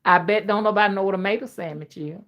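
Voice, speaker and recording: A woman's voice: medium pitch, quick pace, fairly bright tone. A middle-aged woman with an old Southern drawl, chatting casually on a livestream, reading out viewer comments and laughing easily. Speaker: livestream host.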